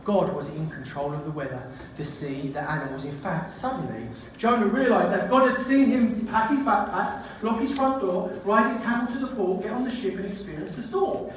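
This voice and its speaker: A man's voice: high-pitched, normal speed, hardly any pauses. A man telling a comic story playfully, laughing at his own jokes. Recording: echoey room, distant mic, noisy.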